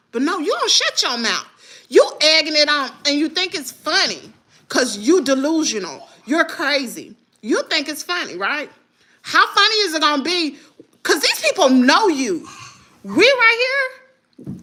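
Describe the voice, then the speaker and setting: A woman hosting a casual gossip livestream, talking sassily and directly to her viewers. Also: high-pitched. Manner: sassy, animated, talks straight to viewers. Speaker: livestream host.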